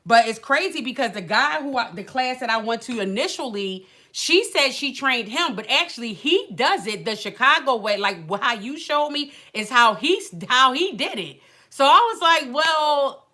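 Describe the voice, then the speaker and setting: A woman hosting a livestream, telling an animated, colloquial story with acted quotes and sighs. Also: fairly high pitch. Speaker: livestream host. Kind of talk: casual chat, venting story.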